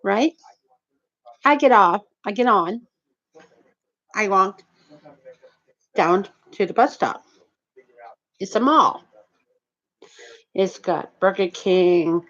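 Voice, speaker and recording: A woman who retells an everyday run-in in a rambling, repetitive, indignant way. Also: medium pitch. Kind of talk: rambling storytelling to camera. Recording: dull lo-fi recording.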